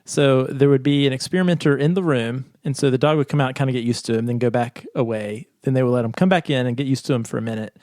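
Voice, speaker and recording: A man's voice: mid-range voice, steady tone, fast, hardly any pauses, a little mellow, no room sound, studio quality. A man co-hosting a podcast, explaining a research study in casual chat and laughing often. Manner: chatty, laughs often, reads scripts aloud. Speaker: podcast co-host.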